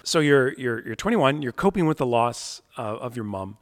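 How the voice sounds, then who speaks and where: A man interviewing a guest, speaking in a reflective, halting way with frequent restarts. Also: medium pitch, animated, long reverb tail. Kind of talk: conversational interview.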